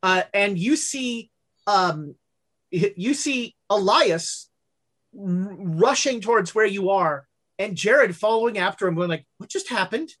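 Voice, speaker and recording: A woman's voice: mid-range voice, expressive, slow pace. A woman narrating as game master of a tabletop game, rambling with fillers and corrections.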